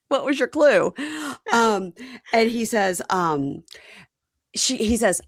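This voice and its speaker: A woman's voice: a little high, very slow, long pauses, no room sound, clean studio sound. A woman hosting a casual podcast chat, recapping a reality show and acting out the cast's lines. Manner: animated, lots of acted quotes. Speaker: podcast host.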